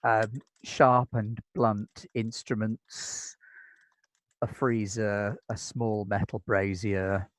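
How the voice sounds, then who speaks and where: A British man runs a tabletop game, laying out scenes in an easygoing, descriptive way and filling gaps with ums. His voice sits on the low side and is recorded dry and close, with no room around it. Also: flat delivery, very slow, dry recording, poor audio. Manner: easygoing, descriptive, with many fillers. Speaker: game master.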